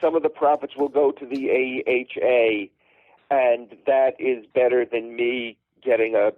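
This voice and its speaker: A middle-aged man telling a dry, wry comic story with measured pauses. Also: medium pitch, fairly even intonation, no echo. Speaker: guest storyteller. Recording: tinny phone-line sound.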